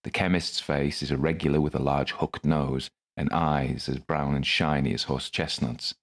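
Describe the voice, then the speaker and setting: A man's voice: rumbling low, fairly even intonation, moderate pace, creaky. A man narrating his own first-person story in a dry, wry manner.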